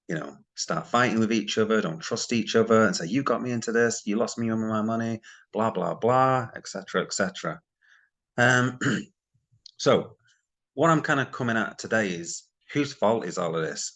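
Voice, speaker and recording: Rambling man, low voice. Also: gravelly, a bit bright. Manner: rambling, exasperated, mocking. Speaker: crypto commentary YouTuber. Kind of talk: casual commentary to camera.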